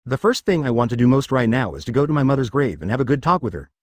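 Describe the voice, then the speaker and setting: A man reading the lines of a gentle, grateful young mermaid princess in a dry synthetic voice. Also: medium pitch, big pitch swings, fast talker, no room sound.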